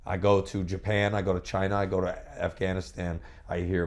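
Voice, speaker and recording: A man with a fairly low voice gives a candid interview about his years as a pro wrestler. He talks brashly and boastfully and swears freely. His animated storytelling breaks into bursts of repeated words. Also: a little fast.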